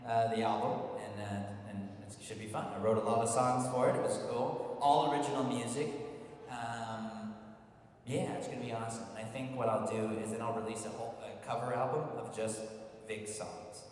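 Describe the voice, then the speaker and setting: A man's voice: mid-range voice, normal speed. A man, a voice actor, telling jokey stories at a convention Q&A panel in a large hall. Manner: animated, jokey storytelling. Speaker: voice actor guest. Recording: echoey hall, far from mic, noisy.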